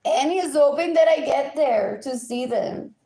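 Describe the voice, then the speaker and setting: A woman rants on a live stream in a somewhat high voice. She repeats phrases in chanted lists and hops between languages mid-sentence. Her delivery stays agitated and insistent. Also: expressive, a little slow, dark tone, a little hiss or hum. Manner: switches between English and Spanish mid-sentence. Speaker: livestreamer. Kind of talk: unscripted live stream rant.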